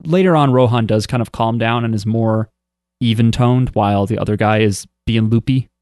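A man's voice: fairly low pitch, normal speed, darkish tone, clear, resonant tone, no room sound, clean studio sound. A man co-hosting a podcast, talking in a rambling, chatty way full of fillers. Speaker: podcast co-host. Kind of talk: casual chat.

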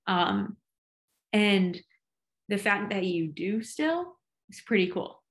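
A woman's voice: medium pitch, very animated. Reflective, supportive woman. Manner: reflective, supportive, halting phrasing. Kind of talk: casual conversation.

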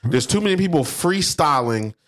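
A man's voice: a little high, normal speed. A man co-hosting a podcast, chatting casually about sales and acting out quoted salespeople. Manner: animated, acts out quoted salespeople. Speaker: podcast co-host. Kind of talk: casual business chat.

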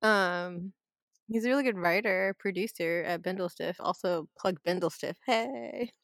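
A woman co-hosting a podcast in casual chat, reacting with quick laughs. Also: on the low side, fairly bright tone, dry recording, studio quality. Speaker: podcast co-host.

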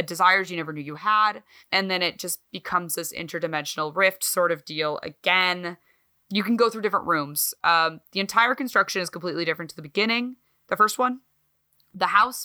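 A woman co-hosting a podcast in casual chat, talking in an animated, swearing, self-mocking way. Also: lowish voice. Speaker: podcast co-host.

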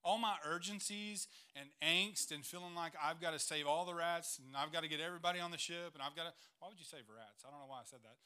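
A man's voice: a little high, fast talker, few pauses, pushed and bright, clear, resonant tone. A man, a church planter telling stories in a missions presentation, earnest and emotional, near tears at times.

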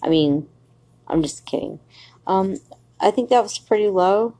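A woman's voice: mid-range voice, expressive, measured pace, mellow. A woman podcast host giving a rambling, profane, confrontational solo monologue addressed to someone.

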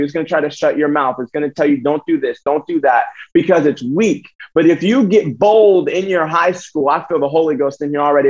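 A man preaching a sermon to students, emphatic and repeating phrases. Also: a little high. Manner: emphatic, repeats phrases, acts out his own thoughts. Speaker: youth preacher. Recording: dull lo-fi sound.

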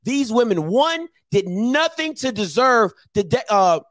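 A very high-voiced man hosts a heated call-in show, blunt and confrontational, hammering his points home through repetition. His delivery is unhurried and a bit bright with big pitch swings, and the recording is dry and close.

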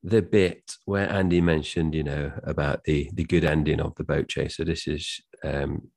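A man's voice: a bass voice, steady tone, moderate pace, gravelly, darkish tone. A man co-hosting a casual film review podcast, reading out film quotes plainly without putting on voices. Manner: says he can't do accents, reads quotes plainly. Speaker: podcast co-host.

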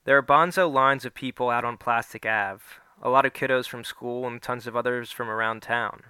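A man's voice: steady tone, normal speed, bright, forceful tone, smooth, no room sound. Man reading a first-person story. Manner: voices the characters with small pitch shifts. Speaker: narrator.

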